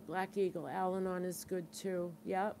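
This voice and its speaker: A woman's voice: fairly low pitch, level tone, a little slow, gravelly, warm tone. Brief: middle-aged woman, Boston accent, chatty livestream host, earnest and reassuring, a faint hiss behind her. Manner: chatty, reads out and answers viewer comments. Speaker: livestream support group host. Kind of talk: casual live-stream chat.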